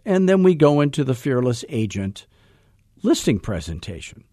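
A middle-aged man coaching real estate agents in a salesy, joking, energetic way. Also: on the high side, normal speed, no room sound, clean studio sound. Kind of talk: coaching podcast talk.

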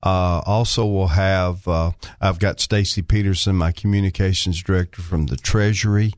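A man's voice: low voice, steady tone, moderate pace, a little mellow, no room sound. An older man from Arkansas guest-hosting a talk radio show in a studio, rambling and folksy with many fillers. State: slightly out of breath.

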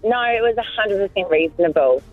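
A woman's voice: mid-range voice, lively intonation, fast, faint music behind. Emphatic woman caller on a tinny phone. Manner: firm, emphatic. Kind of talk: phone-in opinion.

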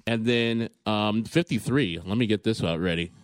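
A man's voice: fairly low pitch, moderate pace, dry recording. A man co-hosting a sports radio show, chatting casually and reading off names and facts. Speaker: radio co-host. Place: radio studio.

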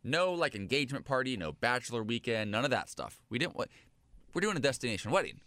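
A male co-host speaks with a bright, forceful tone and a lively, swooping pitch. He tells his story with plenty of enthusiasm, and the sound is dry and close. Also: fast, no echo. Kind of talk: casual radio show chat.

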